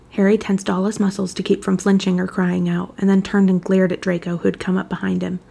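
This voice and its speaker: A woman reading fan fiction aloud in a steady, measured storytelling manner. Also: medium pitch, gravelly, slightly rough. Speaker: narrator.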